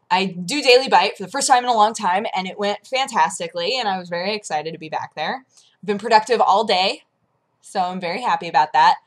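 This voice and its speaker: A young woman vlogger chatting casually and telling a story, acting out her own reactions as she goes. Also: medium pitch. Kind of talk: casual chat.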